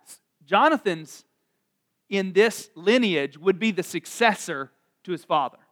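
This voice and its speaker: Man, high voice, casual sermon, chatty storyteller, acts out lines. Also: lively intonation. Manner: chatty, acts out the characters' lines in quick asides. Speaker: preacher.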